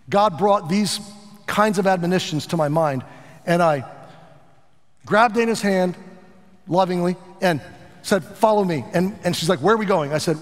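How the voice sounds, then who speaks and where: A middle-aged pastor preaching a sermon in an earnest, animated way, with asides to his congregation. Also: high-pitched, in a large hall.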